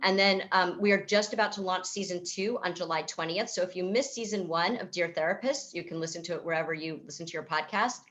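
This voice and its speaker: A woman's voice: fairly low pitch, fast, few pauses, a bit bright. A woman psychotherapist speaking at a virtual event over a video call, answering questions in a thoughtful, explanatory way with frequent fillers and restarts. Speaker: psychotherapist and author.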